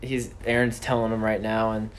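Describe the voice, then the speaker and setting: A man's voice: on the low side, normal speed. Teenage guy telling a funny story. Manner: animated storytelling with quoted voices and laughs. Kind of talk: casual chat.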